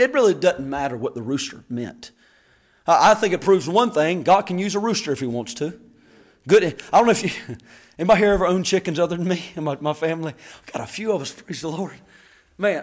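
A man preaching a sermon, shouting key words and stretching them out, then dropping to quiet, folksy asides with a laugh. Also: sits high. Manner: drops to quiet folksy storytelling. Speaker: pastor.

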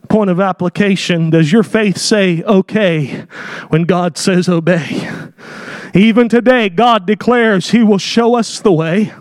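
A pastor preaches with fervor, his strikingly high male voice climbing into shouted emphasis. He breaks in with oh and hallelujah as the passion builds. The sound is close and dry, with no room around it. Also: no room sound. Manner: impassioned preaching that swells into shouts; exclamations of oh and hallelujah. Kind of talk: sermon.

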